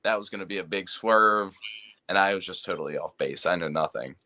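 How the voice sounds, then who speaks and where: Bright-voiced playful man. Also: low voice, brisk. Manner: playful, laughs often. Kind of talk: casual interview chat.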